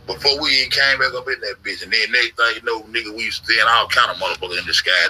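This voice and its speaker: On a casual livestream, a man recounts an online investigation in a rambling, profane story, repeating himself and swearing heavily. His lowish voice is fast, bright, and forceful, and the rough recording carries a little hiss or hum.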